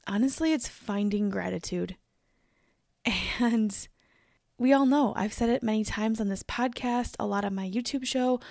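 A woman's voice: mid-range voice, vocal fry, a little mellow, dry recording, clean studio sound. A young woman hosting her own podcast, talking candidly in a casual chat with a tired, scratchy voice. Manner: candid, chatty, emphatic. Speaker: podcast host. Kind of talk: casual solo podcast talk.

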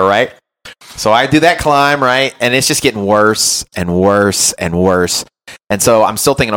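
A man hosting a podcast as a run coach, telling an animated, self-mocking story in casual chat and often checking in with "right?". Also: fairly low pitch, moderate pace, a little hiss or hum.

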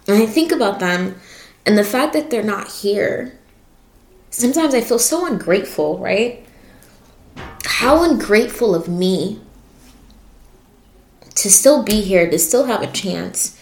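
Slow-talking young woman, emotional. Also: mid-range voice, expressive, vocal fry, roomy sound. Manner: emotional, voice wavering and cracking. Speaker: podcast host. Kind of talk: personal reflective monologue.

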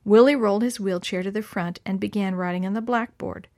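A woman narrating a children's story aloud in a plain, steady reading voice. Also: medium pitch, fairly quick.

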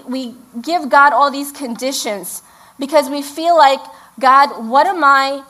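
Woman, middle-aged, high voice, pastor, conversational sermon, playful asides. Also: fairly bright tone, rough recording. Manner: conversational, acts out imagined prayers with laughs.

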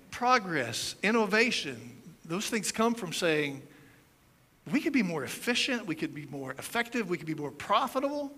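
Animated, bright-voiced preacher in his fifties. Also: sits high, moderate pace. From United States. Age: 50s. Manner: animated storytelling with demonstrations and playful asides. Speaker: pastor. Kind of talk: conversational sermon.

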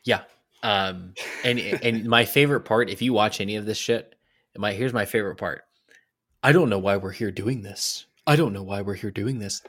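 A man co-hosting a sports podcast, ranting with exasperation and plenty of swearing. His pitch swings widely as he talks. The sound is dry and close. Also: dry recording. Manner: animated, exasperated, profane ranting. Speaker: podcast co-host. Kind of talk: casual sports podcast rant.

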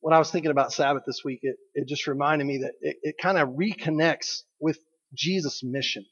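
A man's voice: on the high side, fairly even intonation, brisk, fairly bright tone, breathy edge. A man preaching a sermon as a pastor, speaking in a conversational, joking way and asking the congregation questions. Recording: dull audio with long hall reverb.

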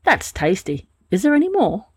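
A woman's voice: medium pitch, big pitch swings, normal speed, breathy edge, no echo, voice pushed up. Woman doing a sleepy, friendly wombat lady. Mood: chatty. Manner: drowsy, chatty, plain-spoken. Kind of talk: storybook reading.

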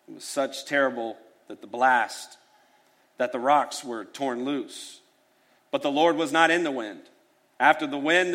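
A man preaching a sermon, acting out prayers and Bible scenes in an animated way. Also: mid-range voice. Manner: animated, dramatizes prayers with rising voice. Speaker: pastor.

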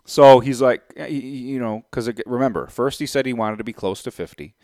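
Man, casual storyteller, thinks out loud over numbers, close dry sound. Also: medium pitch, a little fast, dry recording. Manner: animated retelling, acts out both sides of a deal; works out sums aloud, thinking out loud. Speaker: real estate investor.

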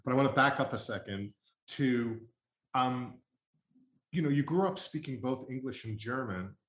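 A man's voice: mid-range voice, normal speed, a bit bright, reverberant. A man from Long Island interviewing a guest in a casual chat. He rambles with fillers and restarts. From Long Island, New York.

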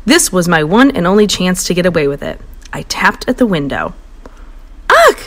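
Reading a children's storybook briskly, a woman keeps her delivery bouncy and playful. Her voice rises high and falls low as the story unfolds, holding young listeners' attention.

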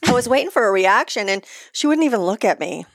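A woman's voice: medium pitch, lively intonation, fast talker, no echo. Playful woman podcast host, dry sound. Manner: playful, laughs easily. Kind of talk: casual wine-tasting chat.

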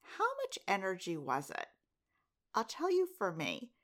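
A middle-aged woman hosts a casual solo podcast. Her voice sits in a middle pitch but moves up and down a great deal. She laughs often and keeps turning to the listener with direct questions. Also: wildly swooping pitch, a little slow. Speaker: podcast host.

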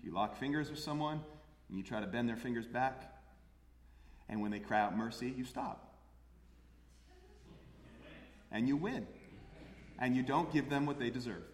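Earnest pastor preaching in an echoey hall. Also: male voice, medium pitch, expressive, moderate pace, pauses often, a little hiss or hum. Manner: earnest, repeats phrases for emphasis. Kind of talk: sermon. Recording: echoey hall with long reverb.

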